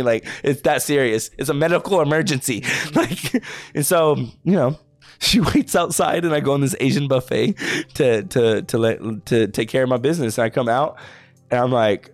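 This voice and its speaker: Young male podcast co-host, rambling casual storyteller, mid-pitched, faint music behind. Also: moderate pace, no room sound. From Texas. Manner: rambling, says "bro" a lot.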